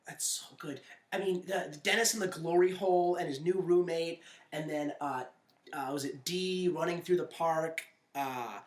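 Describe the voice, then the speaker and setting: A podcast co-host in casual chat, excitable, who often breaks into quoting lines and laughing. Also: mid-range voice, moderate pace, echoey room.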